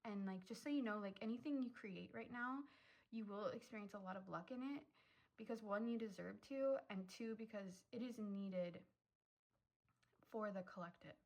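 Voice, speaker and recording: A woman's voice: medium pitch, moderate pace, a little mellow, rough recording. A young woman giving a casual pick-a-card tarot reading, chatty and effusive, filling her talk with "um" and "like" and getting emotional. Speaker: tarot reader.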